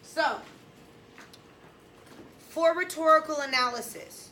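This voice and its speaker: Sassy, bright-voiced woman teacher lecturing. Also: on the high side, unhurried, slight background noise. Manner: blunt, sassy and emphatic. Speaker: high school English teacher. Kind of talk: classroom lecture. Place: classroom.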